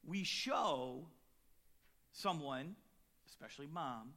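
Animated, bright-voiced male pastor preaching. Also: on the high side, takes it slowly. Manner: dynamic preaching, swings between quiet and loud emphatic lines; storytelling with acted quotes and chuckles. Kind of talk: sermon.

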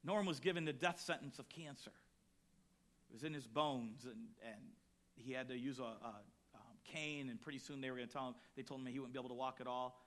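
A man, a pastor, preaching a sermon and telling a personal story, acting out the voices he quotes and swinging between loud bursts and hushed lines. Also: mid-range voice, brisk.

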